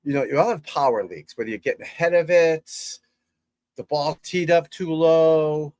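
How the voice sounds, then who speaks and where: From a room at home, a man who teaches golf rambles casually to his viewers in a live chat, pausing at times to talk to his dog. His voice is on the high side with a darkish tone, delivered at normal speed, and the recording is dry and poor in quality.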